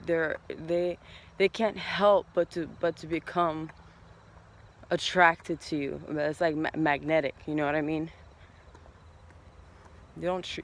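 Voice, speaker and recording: A man's voice: fairly high pitch, a little hiss or hum. A man talking as a tarot reader in a casual spiritual vlog, rambling and heartfelt, swearing now and then.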